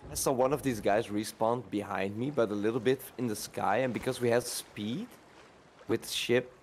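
A man giving orders to his crew during a game, excited and swearing. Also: mid-range voice, moderate pace. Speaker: gaming crewmate. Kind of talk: casual gaming chat. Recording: noisy game audio behind.

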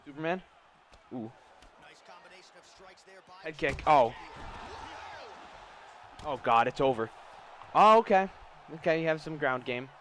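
A young man giving live gameplay commentary, trash-talking his opponent, swearing and erupting into shouts. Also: medium pitch, takes it slowly, pauses often. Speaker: gaming YouTuber.

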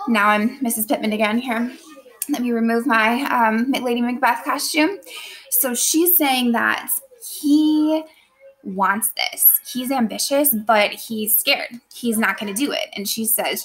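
A woman's voice: fairly high pitch, measured pace, fairly bright tone, low-quality recording. A woman teacher in a recorded lesson, speaking playfully to her students and asking them guiding questions.

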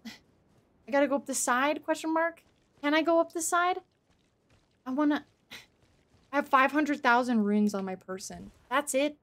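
A woman streamer giving live gameplay commentary, excitable, swearing and laughing as she talks to her chat. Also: sits high, a little slow, pauses often.

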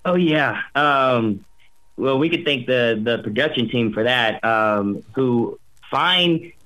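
An upbeat young man talks casually in an interview about his voice work. He rambles, restarting phrases and filling gaps with "um" and "like". His voice sits at an ordinary middle pitch. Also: animated, takes it slowly, sharp tone, low-quality recording. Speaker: voice actor guest.

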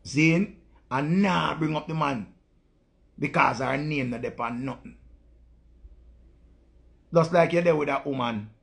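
A man with a rough, gravelly Jamaican voice, holding forth to his stream viewers in a loose, unscripted monologue. He talks bluntly in patois, swears freely and circles back to his points. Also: a little high, unhurried, long pauses, fairly bright tone. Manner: blunt, profane ranting in patois. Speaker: live-stream host.

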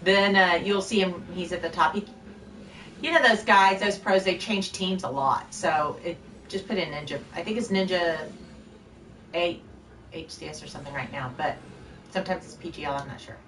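A woman's voice: fairly low pitch, normal speed, fairly bright tone, roomy sound, distant mic, slight background noise. A woman streaming a game live, chatting loosely with viewers in a scattered, rambling way, short on sleep. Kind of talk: casual live-stream chat while gaming.

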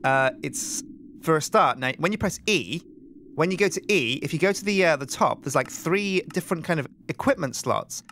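Man, let's play host, animated rambling banter, bouncy pitch, higher voice. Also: moderate pace, slight background noise. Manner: animated, rambling, thinking aloud.

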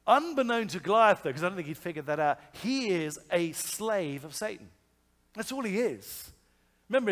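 Animated male preacher in a reverberant hall. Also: sits high. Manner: animated, conversational storytelling with asides and rhetorical questions. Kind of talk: sermon.

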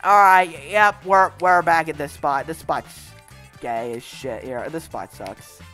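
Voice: medium pitch, slow, sharp tone, faint music behind. A gaming channel host giving gameplay commentary, frustrated and swearing, with raging outbursts.

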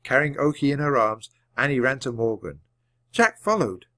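A man reading a children's book aloud at a clear, measured pace. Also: medium pitch, very animated, fairly bright tone. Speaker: storybook reader.

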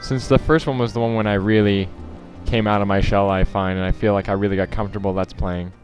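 A man's voice: on the low side, level tone, fast talker, darkish tone, faint music behind. A man hosting a let's play, commenting casually and rambling over the game.

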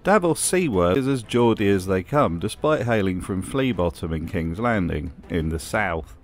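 A man's voice: low-pitched, expressive, moderate pace, faint music behind. A man narrating a scripted commentary with dry, sarcastic humor. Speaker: video essay host.

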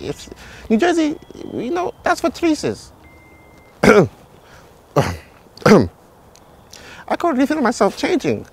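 Man doing a jumpy cowardly Luigi, lively swooping voice, rambling comic panic. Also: high-pitched, creaky, husky, full character voice. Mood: panicked. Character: jittery cowardly adult male plumber Luigi. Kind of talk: comedy skit role-play. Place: outdoors in a village.

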